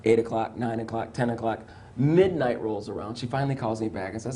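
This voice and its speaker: A middle-aged man, a psychiatrist, telling a personal story in an interview, animated and stumbling over restarts, acting out the lines he quotes. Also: on the low side, a little fast, hardly any pauses, slight background noise. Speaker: psychiatrist guest.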